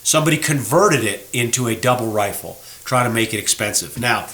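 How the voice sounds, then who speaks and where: A man's voice: medium pitch, fairly quick, echoey room. A man hosting a gunsmithing show, chatting casually and pointing out flaws on a gun to viewers. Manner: folksy, animated, talks to viewers as folks. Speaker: show host, gunsmith shop owner. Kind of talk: casual explanatory chat. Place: gun shop workroom.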